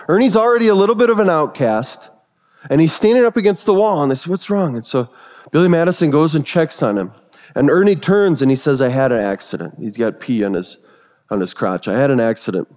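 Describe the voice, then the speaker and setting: Man preaching in a reverberant hall. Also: a little high. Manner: storytelling, swinging from hushed to excited. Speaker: pastor. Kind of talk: sermon.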